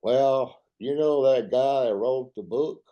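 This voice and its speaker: A man's voice: medium pitch, slow pace, lo-fi sound, pitched above the performer's own voice, natural voice. An older man voicing a folksy Southern postcard dealer with a thick Georgia accent, chummy and drawling.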